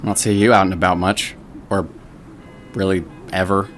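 This is a foul-mouthed, sarcastic musician in an audio drama, as a man voices them. The voice is fairly low and blunt, and it swears freely with a dry bite. Faint music sits in the background. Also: flat delivery, moderate pace, fairly bright tone.

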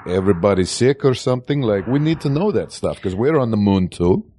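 A man doing a deadpan Russian cosmonaut. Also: fairly low pitch, fairly quick. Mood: musing. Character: deadpan adult male cosmonaut with mock Russian accent.

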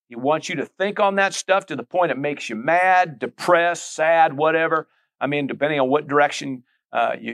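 A man's voice: a little high, gravelly, a bit bright. A middle-aged male pastor preaching a conversational sermon, full of asides, repeated phrases and calls to the listeners.

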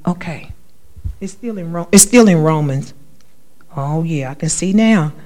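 A woman's voice: deep voice, expressive, a little slow, dark tone. A woman giving a spoken testimony in church, talking in an emphatic, repetitive, conversational way.

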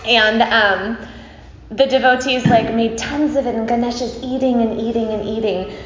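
A woman teacher tells a story to a group in a chatty, playful way, full of fillers and asides to her listeners. Her voice is a little high and steady at normal speed, over soft background music in a roomy, slightly dull recording with faint hiss.

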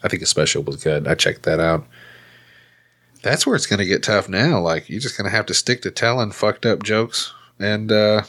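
Brief: deep host, crude and rambling. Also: male voice, expressive, normal speed, a bit bright. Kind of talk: casual podcast chat.

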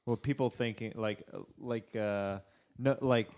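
A man hosting a podcast in relaxed casual chat, asking the guest questions and laughing along. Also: mid-range voice, unhurried. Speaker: podcast host.

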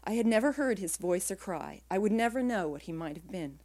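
A woman writer reading her own literary prose aloud in a quiet, measured way, her phrases trailing off softly. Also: mid-range voice, lively intonation.

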